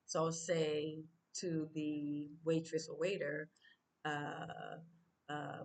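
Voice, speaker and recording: A woman from the United States talking casually to her vlog viewers, unscripted, with many fillers and restarts. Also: extremely slow. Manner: speaks Swahili phrases louder and higher. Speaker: vlogger.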